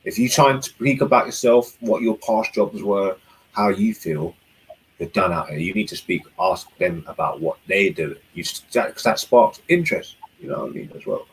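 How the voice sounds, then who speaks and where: A man's voice: on the low side, normal speed, breathy edge, poor audio. A young man chatting casually and laid-back, giving dating advice. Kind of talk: casual chat.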